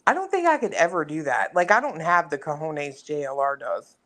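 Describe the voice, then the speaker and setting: A woman's voice: sits low, big pitch swings, a little fast, a bit bright. A woman co-hosting a casual chat, talking loosely with lots of "like.". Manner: chatty, uses filler "like" a lot. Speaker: co-host.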